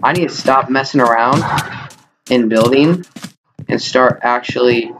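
A young man talks over his own gameplay in a middle-pitched voice, quick to exclaim and quick to mock himself. The recording is noisy, with mouse clicks heard behind him. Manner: excitable, self-mocking, exclaims often. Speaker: gaming YouTuber. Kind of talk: live gameplay commentary.

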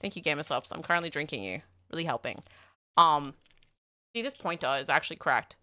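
Excitable Australian woman streamer. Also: low-pitched, a little fast, no room sound. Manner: rambling, excitable, swears often, talks to chat. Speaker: livestreamer. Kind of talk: casual livestream chat.

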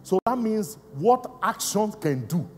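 A man preaching a live Pentecostal sermon as apostle, emphatic, calling out questions to the congregation and swinging between shouts and hushed, slow emphasis. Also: high-pitched, big pitch swings, a little hiss or hum. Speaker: apostle and senior pastor. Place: large church auditorium. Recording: live church hall reverb with faint music.

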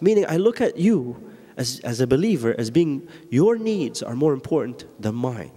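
Animated male preacher in a reverberant church hall. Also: normal speed. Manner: animated, swings between loud emphatic lines and low quiet asides, laughs often. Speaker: Bible study teacher. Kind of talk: sermon.

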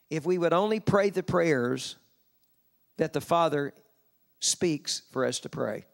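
A man preaching a sermon at a convention, slowing down for scripture and rising in pitch to stress his points. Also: gravelly. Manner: slows down to read scripture, rises in pitch for emphasis. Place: convention hall.

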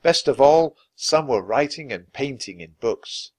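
A man reading a children's chapter book aloud in an expressive, lively way. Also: mid-range voice, a little slow. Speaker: storybook reader. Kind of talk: children's story read-aloud.

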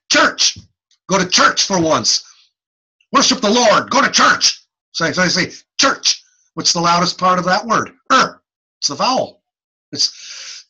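Male instructor on a video call, slow and bright-toned, sounds out each example himself. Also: a little high, husky, rough recording. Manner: demonstrates sounds aloud, animated, repeats himself. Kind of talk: online class lecture. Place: home or office on a video call.

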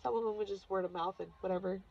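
A woman in her thirties shares a personal story in an emotional, confessional way. Her voice has a gravelly fry and a breathy, husky edge. The recording sounds dull and lo-fi. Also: medium pitch, fairly even intonation, quick pace, darkish tone. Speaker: vlogger.

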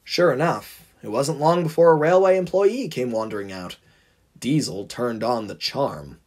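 A man reads a fan-written story aloud with dramatic, expressive storytelling. His voice is husky and his pitch swings widely with the action. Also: normal speed. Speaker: narrator. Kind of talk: storybook fan audiobook narration.

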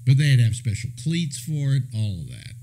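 A man's voice: mid-range voice, big pitch swings, brisk, mellow, low-quality recording. An older man from California telling rambling radio anecdotes, chuckling and restarting as he goes. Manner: chuckling, meandering storyteller with many restarts. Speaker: radio host.

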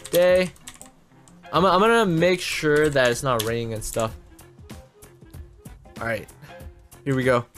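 A man hosting a gaming channel, giving excitable gameplay commentary straight to his viewers. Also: fairly high pitch.

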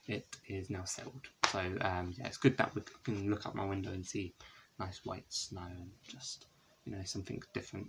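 A man's voice: on the low side, normal speed, vocal fry, fairly bright tone, a little hiss or hum, low-quality recording. A young man chatting casually at home as he shows his CD collection, rambling with many fillers and self-corrections. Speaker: vlogger. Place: indoors, a room at home with a window.

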